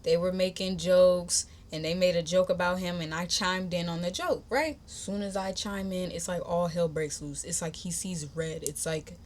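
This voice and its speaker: A young woman hosting a podcast, telling a personal story in a chatty, animated, slangy way and talking straight to her listeners. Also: lowish voice, normal speed, few pauses. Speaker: podcast host. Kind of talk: casual storytime.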